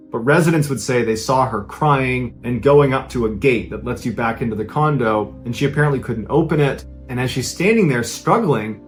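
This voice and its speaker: A man narrating a true-crime story in a dramatic, conversational retelling. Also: mid-range voice.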